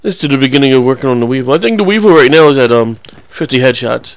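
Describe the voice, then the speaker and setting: A young man with a gravelly, fry-edged voice talks loosely over game footage. His commentary rambles and jokes, often crude, and he restarts his sentences a lot. His pitch sits in an ordinary middle range. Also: animated, fast talker. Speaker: gameplay commentator.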